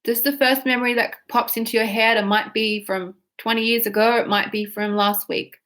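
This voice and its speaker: This tapping practitioner's voice leans high, with a fairly bright tone and mostly even intonation. Guiding slowly through tapping and breathing, she instructs listeners, yawns, and says whiny, repeated emotional lines for them to say after her.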